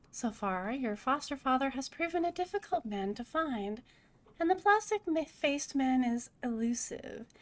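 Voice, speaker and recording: A woman playing a sweet, poised crime boss. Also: high-pitched. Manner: sweet, measured and courteous. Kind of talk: reading game dialogue aloud.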